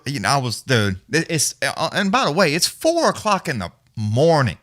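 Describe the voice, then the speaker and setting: This livestream host's medium-pitched voice is sing-song, pushed and bright, at a moderate pace. During a live fight watch-along he chats casually and rambles through profane anecdotes with chuckles. Sound is studio quality and echo-free.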